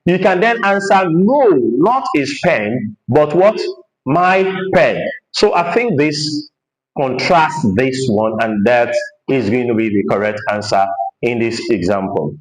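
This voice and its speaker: A man teaching an English lesson, explaining his points slowly and repeating phrases with heavy stress to show emphasis. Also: medium pitch, expressive, reverberant, low-quality recording.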